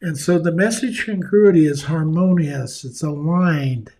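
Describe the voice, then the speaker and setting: A man leads a leadership seminar in a relaxed, folksy way, breaking into the voices of bosses and employees as he goes. His voice sits a little high for a man. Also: unhurried. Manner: folksy, acts out quoted voices, chuckles. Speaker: leadership speaker. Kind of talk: conversational seminar talk.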